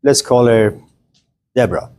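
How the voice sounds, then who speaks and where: A man's voice: medium pitch, a little slow, darkish tone. A man giving a casual classroom lecture in a conversational, joking way, often speaking directly to his students.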